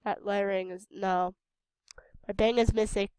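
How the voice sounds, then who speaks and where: Speaking a little slowly in a mid-range voice, the host has a darkish, clear, resonant tone and fairly even intonation, with no room sound behind her. She's a young woman from Idaho, United States, tired and somewhat sick, chatting casually over gameplay in a Western American accent and responding to the characters on screen.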